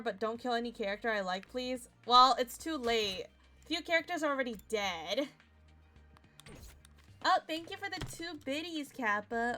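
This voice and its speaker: A young woman streaming a game, chatty and excitable, with a voice still rough from a nap. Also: on the high side. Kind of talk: casual game commentary.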